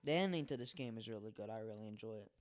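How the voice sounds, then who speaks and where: This let's play host talks at a racing pace in a lowish voice with lively intonation, soft music playing behind him. Worn out in the early morning, he offers loose, wandering, self-deprecating commentary on his game from a desk mic at home.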